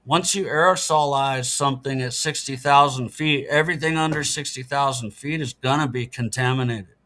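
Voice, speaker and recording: Bright and forceful, a middle-aged man's medium-pitched voice moves at a moderate pace as he guests on a podcast. He speaks casually in interview style, giving earnest, matter-of-fact explanations.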